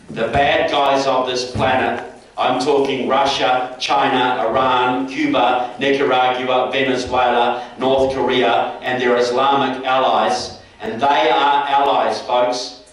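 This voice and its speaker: A man from New Zealand with a New Zealand accent, giving a folksy, direct speech to a local group, recorded in a meeting hall. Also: mid-range voice. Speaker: guest speaker. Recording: echoey hall, mic far off.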